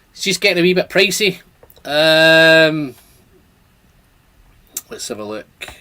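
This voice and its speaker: Guy chatting on a home livestream, fairly high voice, reads out the chat. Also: a bit bright. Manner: chatty, reads viewer comments aloud. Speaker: whisky channel host.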